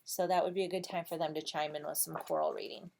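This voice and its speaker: A woman teacher explaining a read-aloud lesson in a patient, unhurried way, with frequent ums. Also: deep voice, little pitch movement, creaky, darkish tone, slight background noise.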